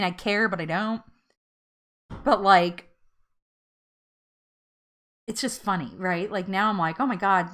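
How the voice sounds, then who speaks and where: Chatty, animated woman vlogger. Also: mid-range voice. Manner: chatty and rambling, laughs often, self-deprecating. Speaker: YouTuber hosting a live chat. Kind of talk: casual live-stream chat.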